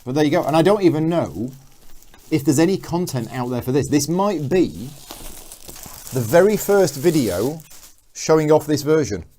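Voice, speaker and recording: A man's voice: on the high side, lively intonation, moderate pace, mellow. A man hosting a live board game unboxing, chatting casually and reading out viewer comments as he goes. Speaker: board game channel host.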